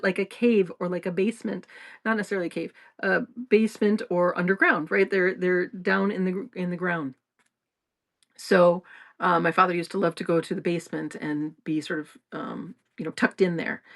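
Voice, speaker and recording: A woman podcast host explaining ideas in casual talk, often restarting sentences and laughing as she goes. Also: on the low side. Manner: rambling, with frequent restarts and laughter.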